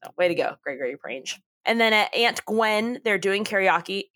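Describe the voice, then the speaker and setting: A woman's voice: medium pitch, animated, moderate pace, a bit bright. A woman co-hosting a casual podcast, giggling often as she retells scenes from a TV show. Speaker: podcast co-host. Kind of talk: casual chat recapping a TV show.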